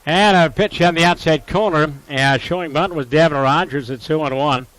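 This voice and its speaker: A man calling college baseball play-by-play, steady and informative, lifting his voice sharply on big plays. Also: a little high, normal speed, dry recording, poor audio. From Upper Midwest US. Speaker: play-by-play announcer.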